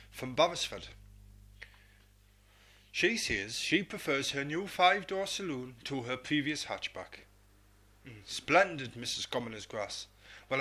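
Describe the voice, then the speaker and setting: A man's voice: medium pitch, bright, forceful tone. A man hosting comedic local radio, rambling and self-mocking as he chats to an imagined animal. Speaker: radio host.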